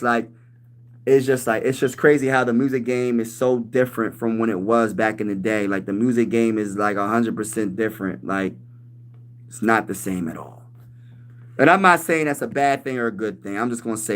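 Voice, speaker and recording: A man in his thirties hosting a casual sports livestream, talking loose and slangy, calling everyone "bro" and breaking into shouts when he gets riled up. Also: medium pitch. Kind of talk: casual livestream chat reading comments.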